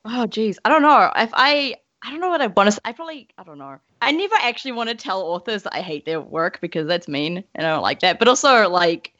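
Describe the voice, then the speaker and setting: A woman co-hosting a podcast in casual chat, animated and self-deprecating. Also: mid-range voice, fast talker, hardly any pauses, no echo, dull audio. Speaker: podcast co-host.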